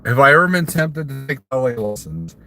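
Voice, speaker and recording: A man's voice: medium pitch, very animated, fairly quick, sharp tone, a little hiss or hum. A man from Missouri, a trucker hosting a casual live stream, rambling and answering viewer comments while chuckling at his own jokes. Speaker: trucker livestreamer.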